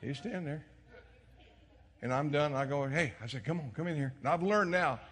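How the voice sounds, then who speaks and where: A middle-aged male pastor preaching a sermon, telling stories and swinging from hushed tones to shouts. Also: a little high, quick pace, in a large hall. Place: church sanctuary.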